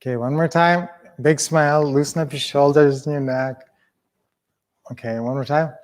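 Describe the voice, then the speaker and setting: A man's voice: on the high side, fairly even intonation, moderate pace. A man coaching his viewers in a casual live stream, with an upbeat, rambling manner and frequent self-corrections. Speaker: sales coach and teacher.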